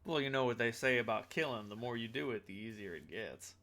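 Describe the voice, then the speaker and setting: A man's voice: mid-range voice, animated, a little fast, bright, forceful tone. A man running a tabletop game, speaking in character with a folksy, blunt drawl. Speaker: game master voicing a character. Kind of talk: in-character tabletop role-play.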